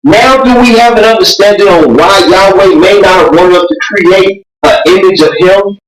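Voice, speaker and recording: A woman's voice: mid-range voice, normal speed. Impassioned woman preaching in a roomy space. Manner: impassioned, conversational preaching with voice breaking into near-shouts. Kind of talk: sermon. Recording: roomy sound from a distant mic.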